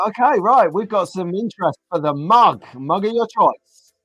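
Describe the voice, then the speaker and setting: A man's voice: on the high side, no room sound. A man hosting a casual live stream, reading out viewer comments and joking along with the chat. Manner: chatty, jokey, reads out viewer comments.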